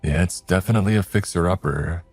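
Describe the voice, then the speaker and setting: A man's voice: low voice, fast talker, faint music behind. A man voicing a sarcastic young buddy. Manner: wisecracking, sarcastic. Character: sarcastic joking young male friend.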